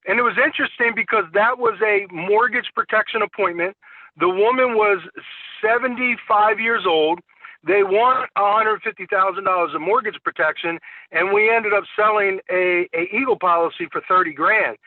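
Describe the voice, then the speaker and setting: A man with a high voice gives a sales training talk over a tinny, phone-like call line with dry, close sound. He tells stories and acts out dialogue with clients, repeating words as he restarts. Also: normal speed, no echo. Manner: storytelling, acting out client dialogue. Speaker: insurance sales agent.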